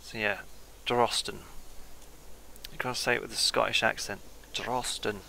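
A man with a gravelly, crackling voice that still cuts through bright and forceful. He chats casually over his game, thinking aloud and drifting off mid-thought as he weighs each choice. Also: fairly low pitch, fairly even intonation, quick pace. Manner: musing, thinking aloud, trailing off. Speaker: gameplay commentator. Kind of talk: casual let's-play commentary.

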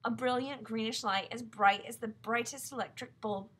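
Storybook narrator, woman, calm reading, bright husky tone. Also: a little high, normal speed. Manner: calm, even read-aloud. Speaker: audiobook reader.

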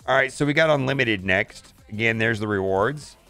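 A man's voice: medium pitch, moderate pace, fairly bright tone, faint music behind. A man casually commenting on his mobile game as he plays, thinking aloud and restarting his sentences often.

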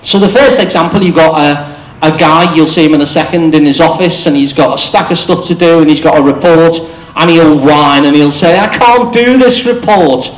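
A man gives a short public talk in a chatty, explanatory way. His voice sits fairly high, and he speaks from the front of a cafe venue. The room adds a noticeable echo. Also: steady tone, a little fast. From England. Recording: echoey room.

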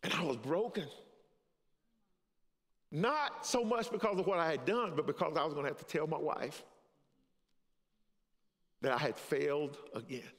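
An older male pastor with a high, tenor-ish voice, preaching and sharing his testimony. He drops to a hush, then rises to a preacherly call, chuckling at his own story. His words ring out with a long tail of reverb through a big church hall. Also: moderate pace, pauses often. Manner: swings from hushed to raised, preacherly. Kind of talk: sermon with personal testimony. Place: church sanctuary.

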